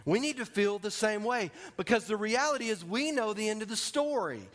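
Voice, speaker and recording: High-voiced pastor preaching, acts out his stories, big echoey church. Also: moderate pace. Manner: animated storytelling, acts out scenes. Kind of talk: sermon. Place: church sanctuary. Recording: long hall reverb.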